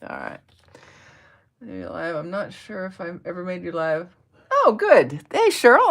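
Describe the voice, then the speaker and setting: A woman's voice: medium pitch, fairly bright tone, a little hiss or hum. Chatty woman demonstrating a craft live. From United States. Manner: chatty, greets viewers by name; talks to herself while working. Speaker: papercraft demonstrator. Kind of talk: live-stream craft tutorial.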